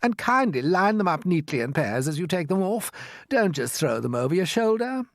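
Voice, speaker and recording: A shrill, squawking storybook centipede, a boastful rascal who bosses everyone about and cackles at his own jokes. The voice swoops high and loud, drawn out in slow, gloating phrases, recorded close and dry. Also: big pitch swings, dry recording. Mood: impatient.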